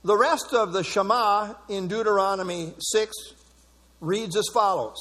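A male preacher with a high voice delivers an emphatic sermon and repeats key words for stress. His voice rings with a long reverb in a large hall. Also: unhurried, pushed and bright. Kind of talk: expository sermon.

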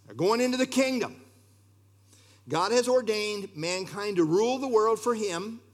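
A man preaching a sermon, expressive and talking straight to his congregation with asides. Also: high-pitched, unhurried. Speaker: pastor.

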